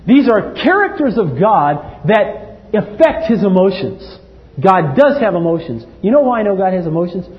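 A man's voice: sits high, sing-song, moderate pace. Impassioned man preaching in a hall. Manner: impassioned, swings from loud to hushed. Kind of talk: sermon. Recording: dull, hall-like recording.

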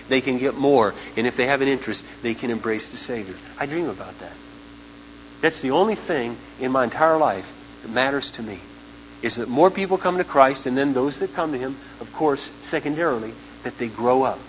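A man preaching a sermon as pastor, impassioned, swinging from hushed lines to shouting ones, in a large church auditorium over the sound system. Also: medium pitch. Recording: dull 1990s church tape with hall echo and hum.

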